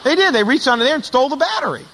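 A man's voice: extremely high pitch, animated, very fast, pushed and bright, big-room sound, a little hiss or hum. A middle-aged male pastor telling stories in a sermon, animatedly acting out the voices of the people in them. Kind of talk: sermon storytelling.

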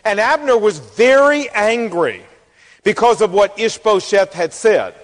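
A man preaching a sermon as pastor, folksy and animated, acting out the quotes in the story. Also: high voice, measured pace. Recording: long hall reverb.

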